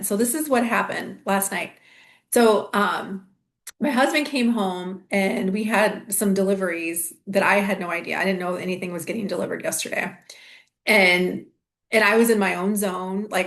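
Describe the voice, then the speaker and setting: A middle-aged woman hosts her own astrology channel in a reflective, meandering spiritual monologue. Her voice sits in a middle pitch, and she circles back through restarts and soft fillers.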